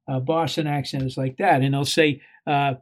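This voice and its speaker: An older man, a guest actor in an interview, speaking haltingly with many pauses and fillers. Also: medium pitch, fairly even intonation. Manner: halting, many ums and uhs. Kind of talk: conversational interview.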